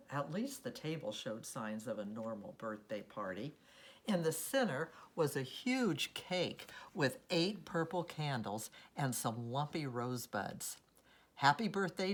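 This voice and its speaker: A woman reading a children's story aloud in an expressive, unhurried storytelling manner. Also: very deep voice, breathy edge. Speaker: storybook reader.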